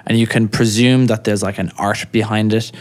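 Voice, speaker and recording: A man's voice: on the low side, flat delivery, normal speed, darkish tone. A man with an Irish accent co-hosting a podcast in casual chat, often restarting and repeating words as he thinks, with a dry teasing humor. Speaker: podcast co-host.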